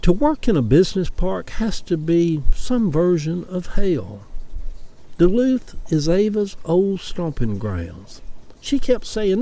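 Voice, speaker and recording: Slow-talking Southern man with a lively voice. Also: high-pitched. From Atlanta, US South. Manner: chatty, opinionated, wry ranting. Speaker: vlogger. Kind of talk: casual personal monologue.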